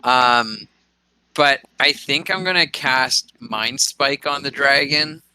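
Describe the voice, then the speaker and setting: Male player, umming while he decides, sharp bright clean tone. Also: medium pitch, slow pace, smooth, dry recording, poor audio. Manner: hesitant, full of ums while deciding. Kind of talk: playing a tabletop game.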